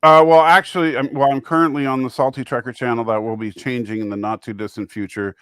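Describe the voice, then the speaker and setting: A man's voice: medium pitch, little pitch movement, a bit bright, clear, resonant tone, dry recording, clean studio sound. A middle-aged American man chatting casually on a video call, often restarting his sentences. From United States. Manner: halting, with repeated restarts. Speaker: guest streamer.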